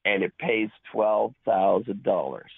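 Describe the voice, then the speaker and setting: A gravelly, husky middle-aged man from Ontario calls in over a dry, tinny phone line. He rambles in a chatty way, piling on detail after detail. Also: lowish voice, a little slow, dry recording. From Ontario, Canada. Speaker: caller. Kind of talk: phone call-in.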